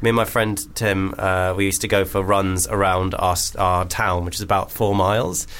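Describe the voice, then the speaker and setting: A young man co-hosting a comedy radio show, telling stories quickly and ramblingly with lots of fillers. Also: low-pitched, fairly even intonation, a bit bright, clear, resonant tone.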